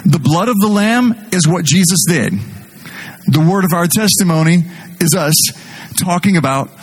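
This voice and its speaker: A middle-aged man preaching a sermon as pastor, animated and jokey, speaking directly to his congregation. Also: high-pitched, normal speed, husky.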